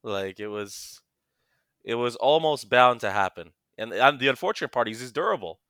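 A man co-hosting a casual podcast, rambling in a relaxed way and trailing off into low mutters. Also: moderate pace, smooth, no echo, clean studio sound. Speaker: podcast co-host. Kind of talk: casual chat about a fantasy baseball league.

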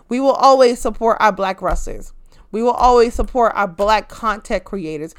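A woman delivers an impassioned, profanity-laced rant as a show host. Her slightly high voice leaps even higher when she's angry, then drops low and quiet when she turns sarcastic. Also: clean tone. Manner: heated, profane, swings loud and pitch-jumping.

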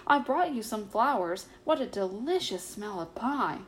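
A woman's voice: mid-range voice, lively intonation, a little slow, a little hiss or hum. A woman voicing a fussy, anxious female dog guest in a children's story, talking politely and then panicking and whining. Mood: genteel.

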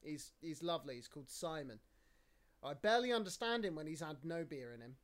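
A man's voice: on the high side, big pitch swings, a little fast. English man hosting a casual podcast. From England. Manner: swears freely, rambling, laughs between points. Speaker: podcast host. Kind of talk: casual chat.

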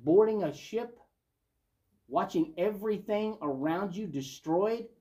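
A man teaching a Bible study, reading scripture aloud and then stopping to comment on it. His delivery is conversational and unhurried, more like a chat with the group than a formal sermon. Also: high voice, expressive, warm tone.

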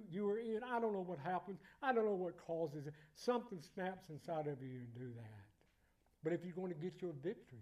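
High-voiced man preaching a lively sermon. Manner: emphatic, repetitive, building to loud exclamations. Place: church.

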